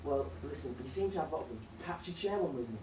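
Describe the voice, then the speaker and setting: A man's voice: on the high side, lively intonation, fast talker, noisy background, close to an everyday voice. A teenage boy playing a well-spoken, naive young man in a school play, with a posh-sounding voice. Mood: eager. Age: teens. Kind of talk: stage play acting. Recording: echoey hall from far off.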